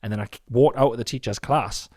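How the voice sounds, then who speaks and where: A young man, co-hosting a podcast in casual, sweary chat and telling animated stories. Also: mid-range voice, fast. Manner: swears freely, animated storytelling. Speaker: podcast co-host.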